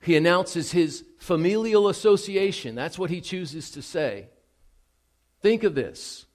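A man preaching a sermon, moving from calm teaching to loud, excited emphasis. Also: high-pitched, a little slow. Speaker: pastor.

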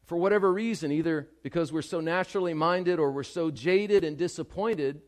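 A male pastor delivers a sermon, speaking emphatically and directly to his congregation. His voice sits on the high side at a normal speed, sinking to a hush before swelling loud, and he repeats key phrases for emphasis.

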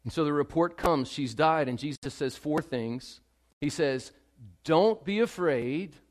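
A man preaching a sermon as pastor, emphatic and direct with the congregation, dropping to a hush and then rising loud, repeating key phrases for stress. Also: fairly high pitch, a little slow.

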